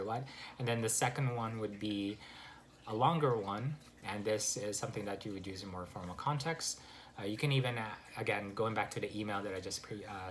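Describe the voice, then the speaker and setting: A man giving a casual spoken English lesson, relaxed and full of fillers and restarts. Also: lowish voice, a little hiss or hum. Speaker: English teacher. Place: Canada.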